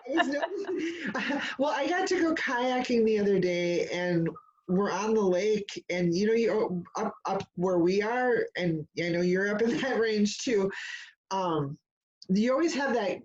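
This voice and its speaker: A woman chatting about spiritual ideas in a loose, rambling way, stacking fillers and restarting her sentences. Her voice sits at a middling pitch for a woman. The recording sounds muffled and lo-fi. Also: unhurried. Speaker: discussion leader. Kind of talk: casual spiritual chat.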